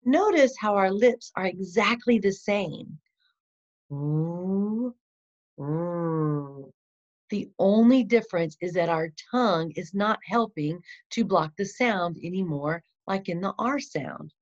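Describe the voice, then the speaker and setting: A woman teaching a phonics lesson to children, patient and encouraging, modeling each sound slowly. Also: medium pitch. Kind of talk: slow instructional lesson for children. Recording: dull lo-fi sound.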